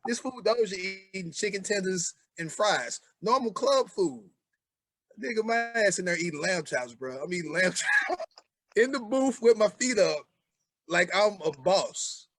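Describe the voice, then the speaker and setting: A man's voice: sits high, sing-song, measured pace, a bit bright, no echo. A man in his forties co-hosting a podcast, chatting casually in a laid-back way. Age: 40s. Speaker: podcast co-host. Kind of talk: casual chat.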